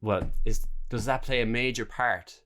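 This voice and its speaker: A man's voice: mid-range voice, normal speed, sharp tone. A man hosting a podcast who rambles through a question in casual conversation, searching for words and swearing. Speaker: podcast host.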